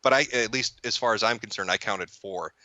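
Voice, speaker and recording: A man's voice: fairly low pitch, fairly quick, bright, forceful tone, dry recording, dull audio. A man chatting casually as a guest, rambling and profane, stumbling through restarts and often laughing mid-sentence. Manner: amused, laughs while talking. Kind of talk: casual chat.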